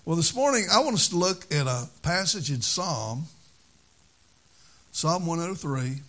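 A man's voice: a little high, big pitch swings, measured pace, fairly bright tone. A man preaching a sermon at a church service, with a fervent, repetitive preaching cadence.

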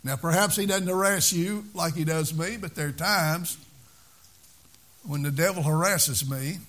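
A man's voice: fairly high pitch, a little slow, a bit bright. A man preaching a sermon at a church service, with a fervent, repetitive preaching cadence.

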